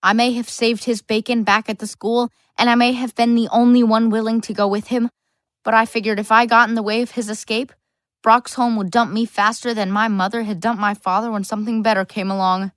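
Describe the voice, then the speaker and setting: A woman's voice: a little high, flat delivery, a little fast, no room sound, clean studio sound, lightly acted. A woman narrating a full-cast audiobook as a lonely, bookish boy, earnest with wry asides. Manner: earnest first-person storytelling, wry asides.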